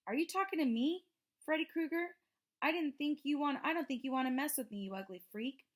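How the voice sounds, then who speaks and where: A woman reading a storybook aloud, voicing a mean older boy who shouts taunts at younger kids. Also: high voice, fairly quick, voice pushed up, lightly acted. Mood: taunting. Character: mean bullying older boy, loud and sneering.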